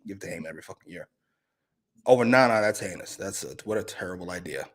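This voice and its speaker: A man's voice: deep voice, lively intonation, fast talker. A man co-hosting a casual wrestling review show, blunt and sarcastic, swearing often. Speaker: co-host.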